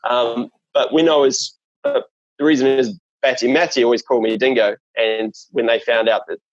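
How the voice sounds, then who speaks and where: A man's voice: medium pitch, fairly even intonation, moderate pace, no room sound, lo-fi sound. A man from New Zealand with a New Zealand accent, chatting as an interview guest in a rambling way, full of fillers and restarts. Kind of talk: casual chat.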